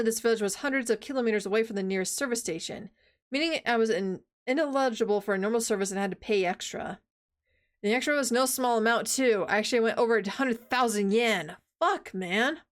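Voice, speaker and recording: A woman's voice: a little high, quick pace. A woman streamer reading a visual novel aloud and chatting casually, swearing and laughing at herself.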